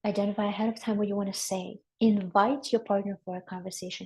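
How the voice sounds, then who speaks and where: Calm woman therapist teaching a workshop. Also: medium pitch, quick pace, few pauses, low-quality recording. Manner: calm, instructive, often checks in with "okay?". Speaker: marriage and family therapist.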